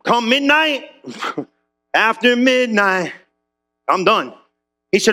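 A man's voice: high voice, slow, long pauses. A male pastor preaching a sermon, telling stories in casual slang and acting out the characters. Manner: animated storytelling with character voices; casual slang-heavy delivery.

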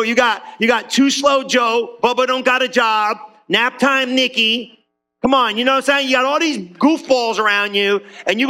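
Bright, lively preaching man. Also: extremely high pitch. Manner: lively and conversational, calls for amens. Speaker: pastor. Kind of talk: sermon.

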